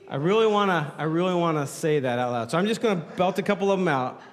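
A man preaches with a lively, rising and falling voice that sits a little high for a man. He jokes and bantering with the people in front of him, speaking into a handheld mic. The sound rings out with the long reverb of a church hall. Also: quick pace, few pauses. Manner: playful, jokes with the congregation. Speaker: pastor. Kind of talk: sermon.

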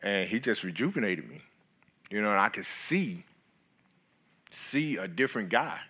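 Earnest, halting man giving testimony. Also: lowish voice, lively intonation, pushed and bright, breathy edge. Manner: halting, earnest storytelling with many restarts. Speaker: guest speaker. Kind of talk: sermon testimony.

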